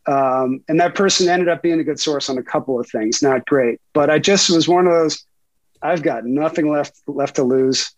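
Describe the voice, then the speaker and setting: A middle-aged man, a sports reporter being interviewed, telling animated stories with frequent laughs and fillers. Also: a little high, moderate pace, dry recording, poor audio. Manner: animated storyteller, laughs often, many fillers. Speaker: investigative sports reporter, guest. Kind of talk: casual interview storytelling.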